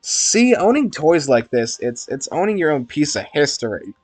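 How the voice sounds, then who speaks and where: A man reading the inner monologue of an anxious, self-conscious teenage schoolgirl in a visual novel, in a nervous, rushed way. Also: a little high, very animated, no echo.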